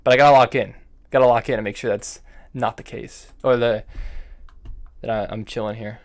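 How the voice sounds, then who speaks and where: A man's voice: mid-range voice, fairly even intonation, normal speed. A man streaming his own chess game, thinking aloud move by move in half-finished phrases, with bursts of nervous fretting and self-scolding. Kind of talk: live-streamed commentary while playing online chess.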